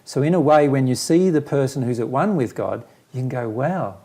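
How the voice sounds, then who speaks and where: Gravelly, husky man teaching calmly. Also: medium pitch, normal speed. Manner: earnest, patient, explains with simple everyday examples. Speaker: spiritual teacher. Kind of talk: casual teaching conversation.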